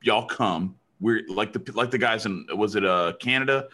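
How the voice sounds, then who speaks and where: A man's voice: lowish voice, moderate pace, bright, forceful tone. A married man hosting a podcast, talking in a heated, profane way with many restarts. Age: adult, married. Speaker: podcast host. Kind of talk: casual podcast chat.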